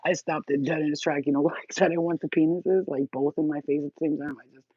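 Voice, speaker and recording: A woman's voice: sits low, steady tone, fast, slightly rough, no room sound, highs cut off. A woman in her forties telling crude, frank stories to a phone camera, laughing often. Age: 40s. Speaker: channel host. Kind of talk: candid storytelling to camera.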